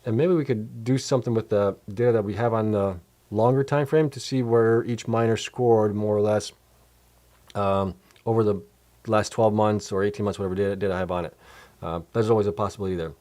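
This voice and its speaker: A man's voice: lowish voice, steady tone, a little fast, darkish tone. Tired man rambling over spreadsheets. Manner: rambling, thinks aloud while clicking through spreadsheets. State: tired, yawning. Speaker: host of a crypto mining channel. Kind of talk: casual livestream commentary with Q&A.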